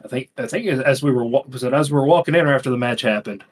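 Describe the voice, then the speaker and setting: A man's voice: medium pitch, quick pace. A man co-hosting a casual podcast chat, telling stories in a rambling, profane way with lots of fillers. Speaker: podcast co-host.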